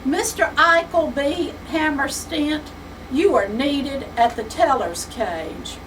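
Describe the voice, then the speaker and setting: A prim, easily offended bank teller, as a woman storyteller puts her on. She speaks stern and pinched, a little higher than usual. The recording is distant, with steady noise behind it. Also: takes it slowly. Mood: formal. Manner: stern, indignant. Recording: distant mic with background noise.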